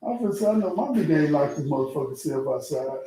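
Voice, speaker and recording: A man's voice: a little high, fast talker. A man hosting a casual street talk, telling stories with lots of cursing and repeated words. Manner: animated storytelling, repeats words, heavy cursing. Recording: echoey room.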